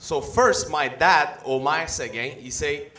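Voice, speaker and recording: A man with a Quebec French accent doing a stand-up routine in broken English, with a slow deadpan delivery. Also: on the high side. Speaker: stand-up comedian. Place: comedy stage. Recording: echoey hall.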